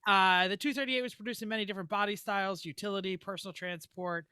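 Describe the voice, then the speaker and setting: A man's voice: high voice, fairly even intonation, fast, bright, forceful tone, clean tone, dry recording, studio quality. A man co-hosting a casual racing podcast, joking and rambling as he reads notes. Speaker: podcast co-host. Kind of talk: casual chat.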